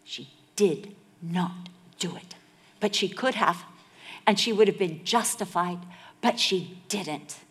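A middle-aged woman delivers a sermon at an unhurried pace. She is dramatic, acting out the voices in her stories and sinking to a hushed whisper to drive a point home. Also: on the low side. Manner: dramatic, acts out quotes, drops to a whisper for emphasis. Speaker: preacher.

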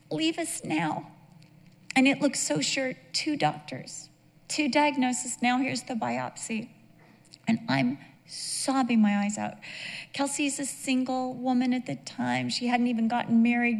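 A woman's voice: fairly high pitch, vocal fry, a little mellow. A woman in her fifties giving an emotional sermon-style testimony, telling the story with acted dialogue. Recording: long reverb of a large hall.

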